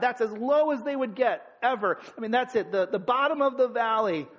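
High-voiced man teaching the Bible casually. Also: fairly quick, hardly any pauses, fairly bright tone. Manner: conversational, lots of "like" and "you know", emphatic bursts.

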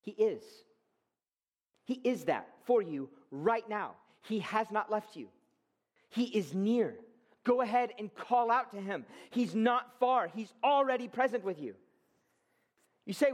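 A man preaching a sermon with fervor, rising loud and high to stress his points. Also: lively intonation, unhurried. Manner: fervent preaching, swells loud and high for emphasis. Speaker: pastor.

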